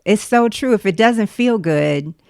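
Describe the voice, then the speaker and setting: A woman's voice: medium pitch, expressive, a little slow, creaky, darkish tone, no room sound, studio quality. A woman hosting a podcast interview, encouraging her guest with frequent short affirmations. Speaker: podcast host. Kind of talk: casual interview.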